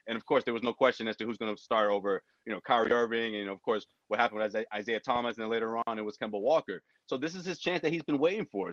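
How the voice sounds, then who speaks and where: Man, sports podcast co-host, rapid emphatic delivery, slightly dull, dry sound. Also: medium pitch, no echo. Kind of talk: casual sports podcast chat.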